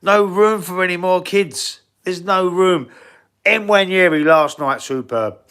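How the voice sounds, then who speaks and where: A man's voice: high-pitched, takes it slowly, a bit bright, smooth. A man with a Cockney accent hosting a casual football live stream, blunt and swearing freely as he answers the chat. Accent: London Cockney. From England.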